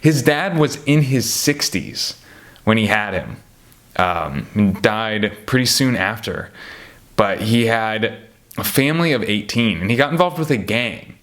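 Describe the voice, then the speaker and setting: A man in casual chat about basketball players, rambling and getting worked up as he talks, full of fillers and asides. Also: lowish voice. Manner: animated, rambling, gets worked up. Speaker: podcast host ranking basketball players.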